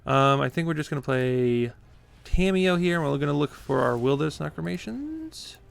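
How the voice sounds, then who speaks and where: A man's voice: on the high side, sing-song, normal speed, gravelly, clean tone. A man giving live commentary on his own card game play, chatty and easily flustered, laughing often. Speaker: gaming content creator.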